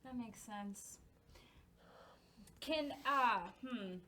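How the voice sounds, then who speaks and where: A woman player in a tabletop game, curious and poised. Her voice sits a little high, with faint noise behind it. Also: extremely slow, long pauses, sharp tone.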